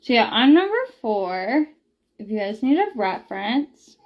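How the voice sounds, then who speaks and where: High-voiced chatty woman vlogger. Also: sing-song, measured pace, dull audio. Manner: rambling, many ums and likes. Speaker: beauty product reviewer. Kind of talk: casual chatty vlog.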